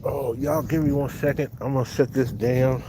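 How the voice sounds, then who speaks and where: A man's voice: mid-range voice, steady tone, normal speed, noisy background. A man from California with a Californian accent, hosting a casual livestream and talking easily to his viewers. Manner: laid-back, keeps calling viewers y'all and thanking chatters. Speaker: dog breeder hosting a livestream. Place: outdoors in the cold beside big dogs. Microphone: phone set up on the spot.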